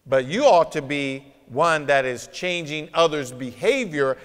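Male pastor, slightly raised pitch, emphatic conversational sermon, long church-hall reverb. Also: animated, unhurried, a bit bright. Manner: emphatic, conversational preaching with rhetorical questions. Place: church sanctuary.

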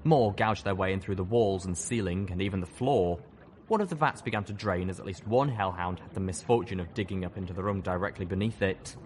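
A man's voice: low-pitched, fairly quick. A man reading a fan novel aloud as an audiobook, in intense first-person narration. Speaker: audiobook reader. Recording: noisy with battle sound effects.

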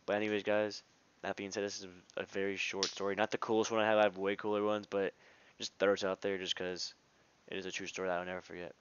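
A man's voice: low voice, little pitch movement, fast, highs cut off, slight background noise. A young man telling a casual story on his vlog, rambling and slangy, with lots of "like" and restarts. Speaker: vlogger.

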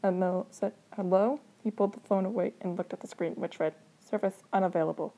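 A woman's voice: lowish voice, fairly even intonation, fast, gravelly, dark tone, poor audio. A woman reading a story aloud in a casual way, adding her own comments and singing the lyrics that appear in the text. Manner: reads dialogue in a light voice, sings the song lyrics.

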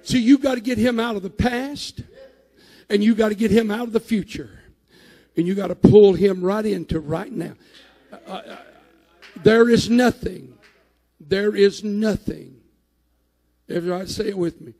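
A man preaching a sermon in a church, shouting at his peaks and dropping low in between. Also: normal speed, long reverb tail. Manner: rising to shouted climaxes, then dropping low. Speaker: pastor. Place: church sanctuary.

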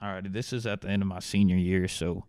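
A man's voice: deep voice, steady tone, quick pace, a little mellow, no echo, studio quality. A young man, an actor guest, telling his story in a casual, easygoing interview chat. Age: young adult.

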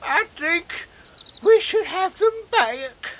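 A tiny, squeaky Easter Bunny with a short temper,. The voice is extremely high and slow, and every line comes out blunt and snippy. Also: female voice, expressive, fairly bright tone, full character voice.

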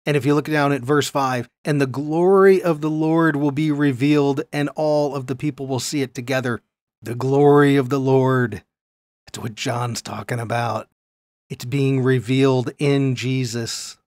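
A man teaching a Bible lesson on video in an animated way, often checking in with his listeners. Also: medium pitch, normal speed, no echo, studio quality.

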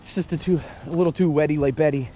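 A man's voice: on the high side, steady tone, fast talker, mellow, a little hiss or hum. A man vlogging outdoors, joking crudely, rhyming on the fly and talking to himself as he explores. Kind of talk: casual off-the-cuff vlog with freestyle rhymes. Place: outdoors in an open area.

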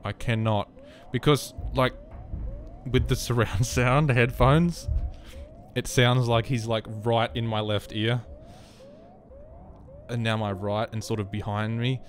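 A man's voice: medium pitch, fairly even intonation, slow pace, pauses often. Australian male streamer, scared horror gameplay commentary, jumpy and swearing, faint background hiss. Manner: jittery, swears a lot, nervous joking.

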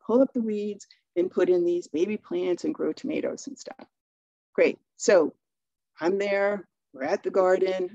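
A woman's voice: on the low side, mellow, dry recording, lo-fi sound. A middle-aged woman from Maine giving a talk, telling stories in a chatty way and acting out bits of dialogue. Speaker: speaker. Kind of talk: webinar talk.

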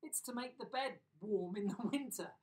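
A man's voice: sits high, moderate pace, darkish tone, pitched above the performer's own voice, natural voice. Quavery old granny, hard of hearing, set in old ways, lifted voice, a man putting her on, distant mic. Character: deaf, stiff-boned old grandmother.

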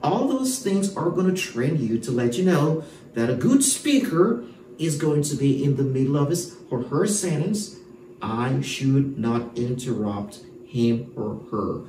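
A man's voice: medium pitch, animated, measured pace, mellow, recorded from a distance, slight background noise. A man teaching a homeschool English lesson to children, emphatic and full of rhetorical questions. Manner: emphatic, rhetorical questions, frequent "all right". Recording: echoey room, voice from off-mic.

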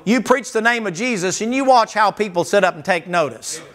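A man's voice: sits high, expressive, brisk, a bit bright. A man preaching a sermon as pastor, folksy and emphatic, firing rhetorical questions at the congregation.

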